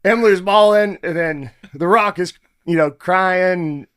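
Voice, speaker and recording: A man guest in a casual interview, telling behind-the-scenes stories in an animated way and acting out what people said with laughs. His voice is dry and close, with nothing of the room around it. He talks at an easygoing, conversational pace. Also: high-pitched, unhurried, clean tone, no echo. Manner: animated, acts out quotes with laughs. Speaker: guest, former fighter turned actor.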